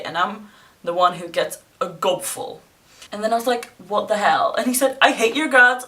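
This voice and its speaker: A woman's voice: medium pitch, fairly bright tone, distant mic. A young woman vlogger casually retelling a story, blunt, sarcastic and full of swearing, recorded a bit away from the mic. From not from England, living there.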